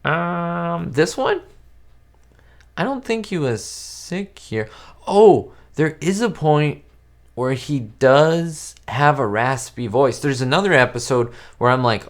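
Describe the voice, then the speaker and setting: A YouTube host answers live chat from his home webcam setup, chatting with viewers in a casual, rambling way full of fillers and restarts. His voice is medium-pitched, expressive and slow.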